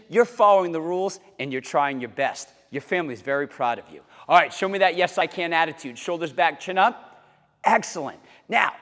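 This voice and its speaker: A man's voice: high voice, a bit bright. A man teaching a karate lesson to kids, upbeat and encouraging, calling out chants and drill counts. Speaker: martial arts instructor. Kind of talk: kids' karate lesson to camera. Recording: long hall reverb.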